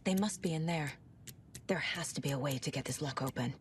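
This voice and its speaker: An actress voicing a calm, focused female investigator in a video game, muttering quietly to herself. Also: low voice, fairly quick, slight background noise, lightly acted. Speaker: game character.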